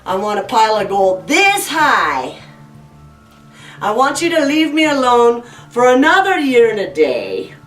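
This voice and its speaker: A woman plays Jack, a cunning trickster of a man who speaks in a low, sly drawl as a spoken folktale. The voice sits back from the mic in a roomy space. Faint music plays underneath. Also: big pitch swings, measured pace, fairly bright tone, distant mic. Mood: demanding.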